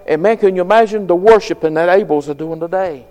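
A man delivers a fervent sermon in a high voice, folksy and plain-spoken. He swells louder and higher on the key phrases. The sound carries a long hall reverb. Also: fairly quick. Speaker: preacher.

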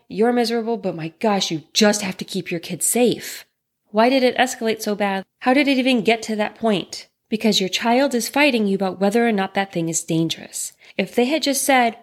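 A woman talking straight to the listener in an earnest, reassuring way, asking rhetorical questions as she explains. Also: on the high side. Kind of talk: direct-to-listener talk on trauma.

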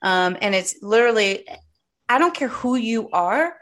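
A woman's voice: on the high side, animated, a little slow, fairly bright tone. A woman hosting a podcast in a casual, candid chat, giving emphatic advice. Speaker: podcast host.

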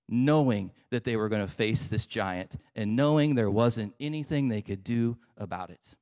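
Conversational male pastor, mid-pitched, recorded with a long hall echo. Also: darkish tone. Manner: conversational storytelling with casual asides. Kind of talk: sermon.

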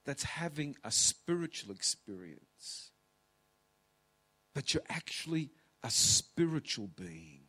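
A man in his fifties, a pastor, gives an emotional sermon in a large auditorium in a fairly bright voice on the high side. Close to tears, he punctuates it with dramatic pauses and whispers.

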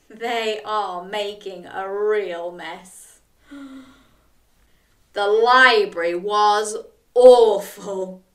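Woman storyteller for children: animated, unhurried, bright; roomy distant recording. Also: medium pitch. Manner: animated, gasping, invites children to join in.

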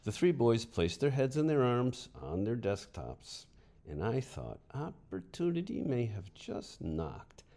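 A man telling a funny story from his teaching days as a podcast host, in a lively and amused way. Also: mid-range voice, measured pace, vocal fry. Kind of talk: storytelling narration.

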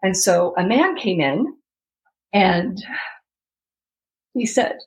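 A woman's voice: medium pitch, very animated, very slow, pauses often, darkish tone, low-quality recording. A young adult woman from the United States, telling a heartfelt personal story as an interview guest and acting out the voices of the people in it. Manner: heartfelt, acts out quoted voices, laughs between lines.

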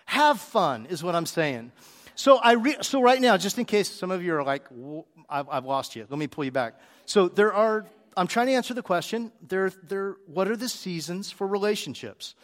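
A married man preaching, telling a story with animated delivery and acted-out dialogue. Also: sits high, moderate pace, big-room sound. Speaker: pastor. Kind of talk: sermon with personal story.

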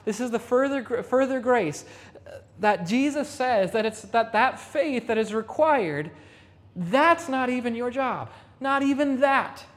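Lady pastor preaching, slightly high voice, repeats lines and slows down for emphasis. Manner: emphatic repetition, slowing for stress. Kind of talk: sermon. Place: rehearsal hall.

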